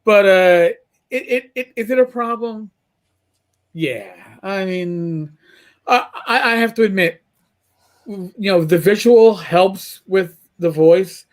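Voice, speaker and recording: A man's voice: sits high, takes it slowly. A man from New York City in his forties, co-hosting a casual chat and often repeating words as he starts sentences. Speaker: podcast co-host.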